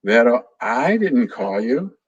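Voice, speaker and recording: Kind young storybook girl, read by a man in a plain slow voice. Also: mid-range voice, very animated, slightly rough, recorded from a distance, muffled recording, heavily acted.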